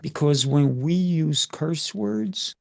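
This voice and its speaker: A middle-aged man speaking as a podcast guest, deliberate and emphatic, drawing out key words. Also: a little high, vocal fry, no room sound, studio quality. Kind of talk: measured podcast talk.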